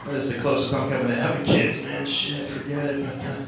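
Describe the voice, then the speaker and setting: A man's voice: medium pitch, level tone, brisk, vocal fry. A man doing loose, profane stand-up comedy and teasing the crowd as host of a live open mic. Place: comedy club. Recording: echoey club, far from mic, audience noise.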